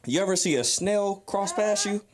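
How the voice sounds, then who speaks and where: A man's voice: high-pitched, lively intonation, moderate pace. A drunk man doing a crude, rambling open mic stand-up set on a comedy club stage, roasting the crowd. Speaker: stand-up comic.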